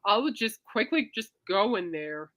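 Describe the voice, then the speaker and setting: A woman's voice: mid-range voice, normal speed, lo-fi sound. A woman hosting her own podcast, telling rambling stories in a casual chat and calling her listeners "people". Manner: animated storyteller, swings loud and soft, addresses listeners as "people". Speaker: podcast host.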